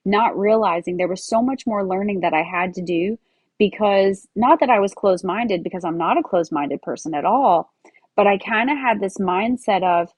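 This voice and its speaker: American woman in her 40s, podcast host, chatty storytelling w lots of like and um, mid pitch, dry close mic. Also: moderate pace, husky, no room sound. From United States. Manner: chatty, lots of "like" and "um", acts out quoted dialogue. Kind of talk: casual storytelling monologue.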